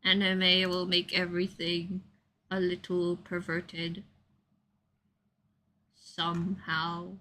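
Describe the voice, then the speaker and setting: A woman's voice: fairly low pitch, completely flat delivery, slow, long pauses, sharp tone, slight background noise. A young woman chatting casually while drawing live, giggling often and rambling with lots of filler words.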